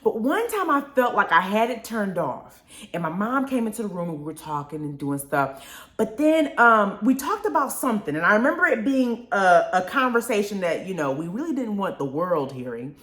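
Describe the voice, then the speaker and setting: A young woman hosts a live radio chat show. Her pitch swings widely as she laughs and repeats herself, and her voice rings in a roomy, echoing space. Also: normal speed. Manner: animated, laughs often, repeats words. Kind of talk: casual live radio talk. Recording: roomy echo.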